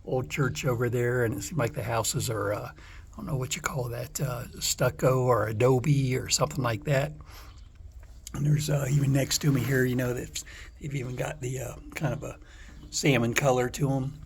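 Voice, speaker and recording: A man vlogging casually from outdoors on a store porch, talking in a relaxed, halting way with many pauses and fillers. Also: medium pitch, gravelly, noisy background. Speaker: travel vlogger on a bike trip. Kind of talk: casual vlog.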